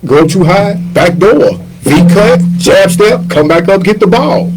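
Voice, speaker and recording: A man, a chef and former basketball player, telling stories as a podcast guest in a slangy, animated way and acting out the voices of the people he quotes. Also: high-pitched, measured pace, loud music behind the voice, low-quality recording. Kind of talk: casual storytelling interview.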